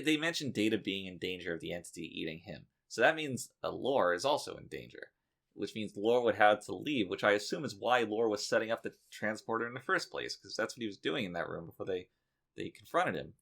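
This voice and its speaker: A man's voice: on the low side, big pitch swings, a little fast, vocal fry, fairly bright tone. A man co-hosting a comedic podcast in casual chat, dry and exasperated, with profane asides. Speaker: podcast co-host.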